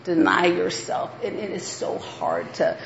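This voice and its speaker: A woman preaching to a group of women, earnest and animated, acting out stories and laughing now and then. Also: lowish voice, unhurried, gravelly, highs cut off, a little hiss or hum. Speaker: women's ministry speaker. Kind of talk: sermon.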